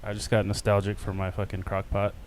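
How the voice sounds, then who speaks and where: A man's voice: on the low side, completely flat delivery, fairly quick, a little mellow. A man co-hosting a podcast in casual banter, laid-back and rambling, swearing casually. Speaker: podcast co-host.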